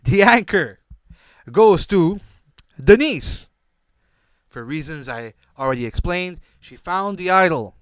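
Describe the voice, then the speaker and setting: Brash podcast guy, sarcastic and swearing, kinda high clear voice, dry sound. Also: expressive, slow pace, pauses often, no room sound. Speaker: podcast host. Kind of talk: casual TV recap monologue.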